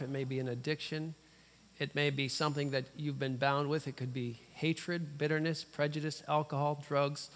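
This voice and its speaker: Male guest preacher, fairly high voice, lively rhetorical sermon, long church reverb. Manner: animated, rhetorical questions, playful asides. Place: church sanctuary.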